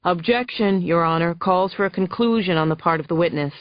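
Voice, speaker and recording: A brisk male defense lawyer on his feet objecting, read by a woman narrator. Formal and quick, the voice dry and slightly muffled. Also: high-pitched, no echo, lightly acted. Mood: urgent.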